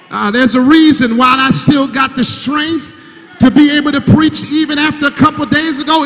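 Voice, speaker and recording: High, gravelly grieving preacher whooping. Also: male voice, bright, forceful tone. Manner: whooping, repeats words and stammers for emphasis; urges the congregation to answer back. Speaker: preacher, son of the late pastor. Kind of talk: call-and-response sermon. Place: large church sanctuary. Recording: church sanctuary with long reverb.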